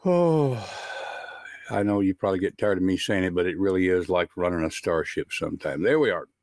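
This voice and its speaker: A man's voice: sits low, fairly even intonation, fast, no room sound. A man with a Southern US accent hosting a live talk show, chatty and folksy, with frequent filler words. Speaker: host.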